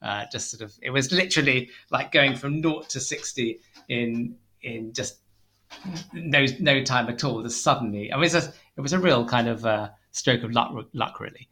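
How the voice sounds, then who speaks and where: A man's voice: mid-range voice, normal speed, pushed and bright. A man, a tweed company founder, telling rambling stories in a casual interview, full of fillers and restarts.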